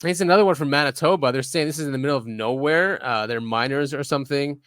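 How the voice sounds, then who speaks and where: A man's voice: medium pitch, clean tone, dry recording, clean studio sound. A man co-hosting a podcast, chatting casually and cheerfully. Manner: lively, quick to laugh and mimic. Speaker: podcast co-host. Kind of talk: casual chat.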